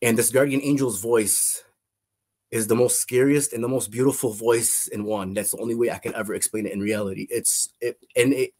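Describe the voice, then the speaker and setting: A man with a husky, breathy voice tells an emotional personal story. He stumbles, repeats words and restarts his sentences as he searches for the right way to say things. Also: mid-range voice, fairly even intonation, a little mellow. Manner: halting, repeats himself, restarts phrases. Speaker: testimony guest.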